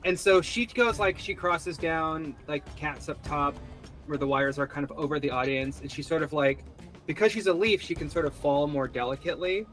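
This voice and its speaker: A man's voice: fairly high pitch, normal speed, a bit bright, faint music behind. A man playing a tabletop game, narrating his character's actions in a rambling way full of fillers. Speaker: player.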